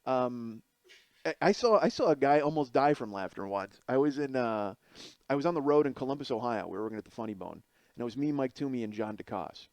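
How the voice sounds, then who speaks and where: A man's voice: mid-range voice, expressive, brisk, dry recording. A man in his forties from the Chicago area, a stand-up comedian telling rambling, crude stories in a podcast monologue. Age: 40s. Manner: rambling, crude, fond of asides like "you know what I mean". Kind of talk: profane comic storytelling monologue.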